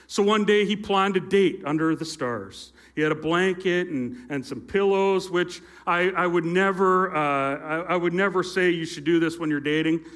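High-voiced youth pastor telling a story. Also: male voice, normal speed, hardly any pauses, a bit bright. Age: middle-aged. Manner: playful asides to the audience. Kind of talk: sermon storytelling. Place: church stage with a live audience. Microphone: handheld or stage mic with feedback.

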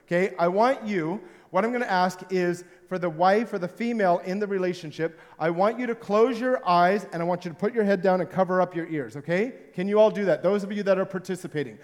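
A male pastor with a notably high voice preaches to a live congregation, his words ringing through a long hall reverb. He tells stories with a playful, joking manner and gets the room to join in. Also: fairly quick, few pauses. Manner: playful, jokey storytelling. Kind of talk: sermon with audience participation.

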